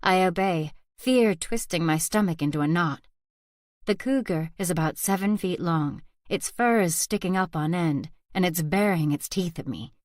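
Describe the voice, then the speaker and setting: A woman's voice: lowish voice, moderate pace, dry recording, studio quality. Woman narrating in whispered role-play. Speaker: audiobook narrator. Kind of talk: scripted narration.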